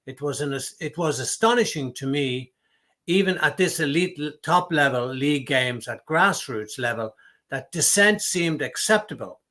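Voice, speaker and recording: Guy cohosting a ref talk show, chatty, voice a bit on the high side. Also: lively intonation, moderate pace, a bit bright. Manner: chatty, reads viewer messages aloud. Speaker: co-host. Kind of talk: casual discussion.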